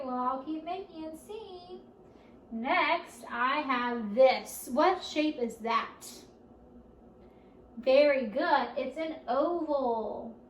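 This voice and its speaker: A woman leading a children's storytime at a library, speaking slowly and encouragingly and asking the children questions as she goes. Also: sits high, slight background noise. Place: library room. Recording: roomy, distant camera audio.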